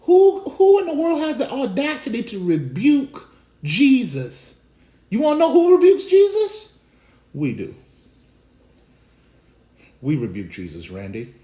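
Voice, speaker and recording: A man preaching a sermon as a pastor, swinging between loud bursts and hushed asides. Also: very high voice, wildly swooping pitch, unhurried, pauses often, echoey room.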